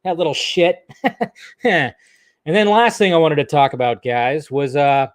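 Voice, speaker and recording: A man's voice: fairly high pitch, measured pace, dry recording. A man hosting a movie news channel, chatting casually in a rambling, loose way with frequent restarts and swearing. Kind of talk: casual video commentary.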